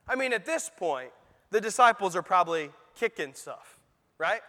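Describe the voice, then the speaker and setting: A male pastor preaches in a high, bright, forceful voice. He talks to the congregation conversationally and drops in rhetorical asides. His words ring out with the long reverb of a church sanctuary. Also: very animated, normal speed. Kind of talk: sermon.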